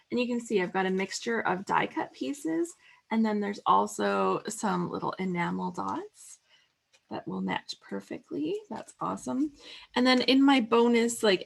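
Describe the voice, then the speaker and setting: Bubbly woman with a gravelly edge. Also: medium pitch. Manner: bubbly, chatty, laughs often, many fillers. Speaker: scrapbooking livestream host. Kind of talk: casual craft livestream chat.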